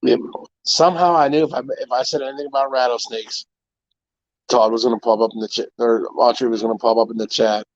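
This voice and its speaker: A man telling stories on a relaxed live stream, stringing them together with "I'm like" and "he goes." His voice sits at a middling pitch. The sound is dry and a bit dull, like lo-fi stream audio. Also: fast, dry recording. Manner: rambling storyteller, fillers like "I'm like". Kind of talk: casual chat.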